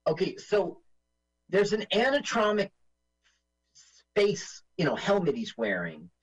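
A man's voice: high voice, a little slow, breathy edge, dull audio. A man co-hosting a podcast, chatting casually and jokingly while watching a movie together. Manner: animated, jokey, mimics lines in silly voices. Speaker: podcast co-host.

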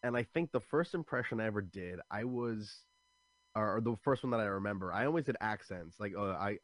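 A man's voice: fairly low pitch, expressive, fairly quick, dry recording. Chatty young man, dry close sound. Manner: loose and chatty, many likes and restarts. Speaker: stand-up comedian guest. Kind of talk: casual interview chat.

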